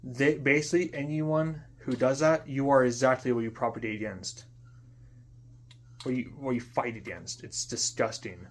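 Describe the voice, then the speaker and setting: A young man in an unscripted monologue, venting in frustration, swearing often, repeating himself and trailing off into quiet mutters. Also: medium pitch, fairly even intonation, moderate pace. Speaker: vlogger.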